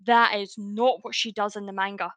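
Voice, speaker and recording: A woman's voice: medium pitch, normal speed, dry recording. Ranting, swearing woman podcast co-host. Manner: animated, ranting, swears freely. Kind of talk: casual podcast chat.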